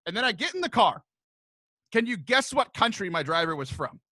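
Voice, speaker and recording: A man's voice: high-pitched, big pitch swings, a little fast, bright, forceful tone, no echo, studio quality. A young man on a podcast, telling a rambling personal story in casual chat, full of restarts and sudden laughs. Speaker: podcast co-host.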